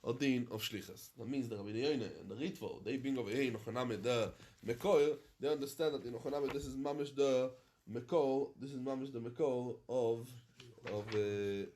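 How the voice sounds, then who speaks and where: A rabbi teaching a Talmud class to students, chanting the Aramaic text and then explaining it in English, often halting and repeating himself. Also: male voice, mid-range voice, darkish tone, a little hiss or hum. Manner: halting, with frequent restarts and repetition. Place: study hall in London.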